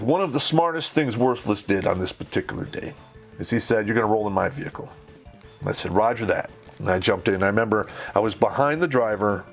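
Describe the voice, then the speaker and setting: A man telling a war story in casual, profane speech, acting out the voices of the people he quotes. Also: fairly low pitch.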